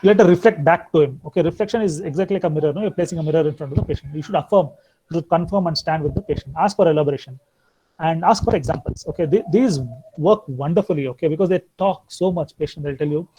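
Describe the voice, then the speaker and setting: A man lectures a class in a chatty, conversational way, often checking in with a quick "okay" or "no?". His voice sits a little high for a man yet sounds soft and mellow, and he slips into short voiced asides when quoting patients. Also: slightly rough, muffled recording. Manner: conversational, peppered with "okay" and "no?" tags. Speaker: lecturer on tobacco counseling.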